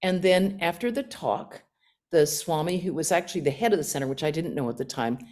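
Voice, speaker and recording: A woman in her sixties from the United States, a nun giving a talk and telling stories from her life in an animated, self-mocking way. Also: low voice, a little fast. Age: 60s. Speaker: guest speaker, nun. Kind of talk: storytelling talk with questions.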